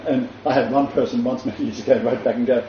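A man with an Australian accent preaching an informal sermon, pausing often, then building with emphatic repetition. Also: mid-range voice, fairly even intonation, a crowd in the background. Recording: echoey, distant, dull room recording.

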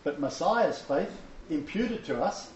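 A man's voice: fairly high pitch, animated, a little slow, a little mellow, echoey room, muffled recording, slight background noise. A man teaching a Bible lecture to a small seated audience, emphatic and joking, with chuckling asides. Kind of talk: informal sermon lecture.

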